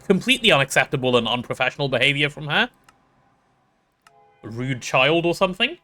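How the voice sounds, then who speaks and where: A man's voice: medium pitch, very animated, fairly quick, bright, forceful tone. A young man chatting casually while streaming a game, rambling and playful with self-deprecating stories. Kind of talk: casual gaming stream chat.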